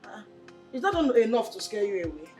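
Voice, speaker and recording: A woman's voice: mid-range voice, sing-song, a little fast, darkish tone, slightly rough, faint music behind. An actress with a Nigerian English accent playing a hesitant, guarded middle-aged woman. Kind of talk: film drama acting.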